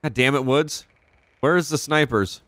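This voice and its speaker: Excitable, profane young man gaming. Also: medium pitch, normal speed. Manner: excitable, profane, reacting out loud. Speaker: gaming channel host. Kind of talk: casual let's-play commentary.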